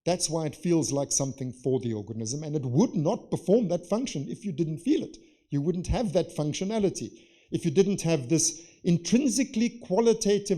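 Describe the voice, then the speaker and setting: A man giving an academic conference lecture, lively, posing rhetorical questions and acting out examples. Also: on the high side. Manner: lively, poses rhetorical questions and acts out scenarios. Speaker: conference speaker. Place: conference session.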